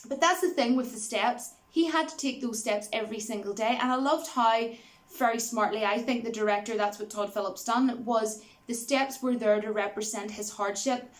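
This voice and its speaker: A woman's voice: on the high side, normal speed. A woman giving a casual spoken movie review, rambling with many fillers and laughing easily as she retells scenes.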